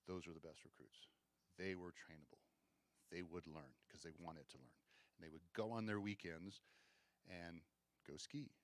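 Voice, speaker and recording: A man with a deep voice gives a relaxed history talk at a museum event, speaking close to the mic in a dry room. He talks in a conversational, wry way and often restarts his sentences. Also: dry recording. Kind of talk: casual lecture with slides.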